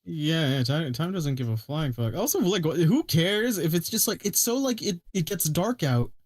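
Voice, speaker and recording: A man from Canada co-hosting a stream, chatting casually over a call, animated, laughing and swearing freely. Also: fairly high pitch, moderate pace, no echo, clean studio sound. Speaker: co-host.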